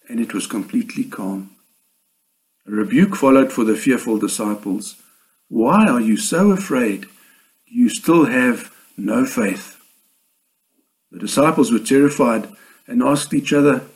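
A man delivering a sermon in a measured, earnest way, with slow emphatic pauses. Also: mid-range voice, darkish tone, low-quality recording. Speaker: preacher.

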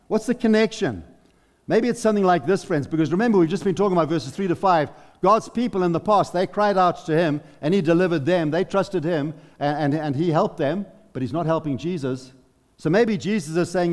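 A middle-aged man preaching a sermon as a pastor, calling his listeners friends and swinging from loud exclamations to hushed, near-whispered lines. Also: a little high, lively intonation, fairly quick, long reverb tail. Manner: addresses the congregation as friends. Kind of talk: expository sermon.

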